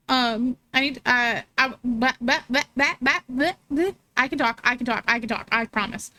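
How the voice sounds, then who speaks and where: Chatty high-voiced woman streamer. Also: bright, forceful tone. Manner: chatty, laughs often, reads chat aloud. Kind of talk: casual chat with viewers.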